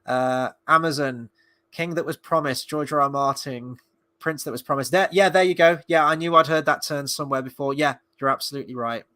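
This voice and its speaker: A man's voice: fairly high pitch, fairly quick, pushed and bright. Sarcastic rambling male reviewer. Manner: rambling and sarcastic, with frequent fillers and restarts. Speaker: film and TV reviewer. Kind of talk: casual spoken review.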